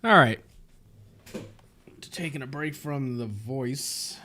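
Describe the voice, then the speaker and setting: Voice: mid-range voice, expressive, unhurried, pauses often, fairly bright tone. A streamer chatting casually on a live stream, joking around and answering viewers' questions. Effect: voice changer at times.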